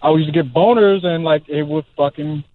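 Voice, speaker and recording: A man calls in over a tinny phone line, his voice a bit higher than most men's. He tells his story in an easygoing, laid-back way. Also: moderate pace, no echo. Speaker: caller. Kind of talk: casual phone call.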